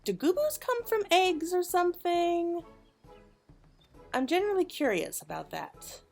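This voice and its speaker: A woman's voice: extremely high pitch, big pitch swings, measured pace, creaky, soft background music. A woman hosting a gaming channel, chatting casually and upbeat as she plays through a quest, thinking aloud as she goes. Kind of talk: casual gameplay commentary.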